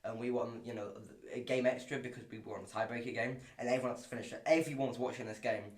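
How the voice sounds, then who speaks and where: A man's voice: mid-range voice, fast talker. A young man, hosting a podcast and telling a bowling story in casual chat, rambling with many restarts. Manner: rambling, many restarts, animated when excited. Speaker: podcast host and bowler. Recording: echoey room.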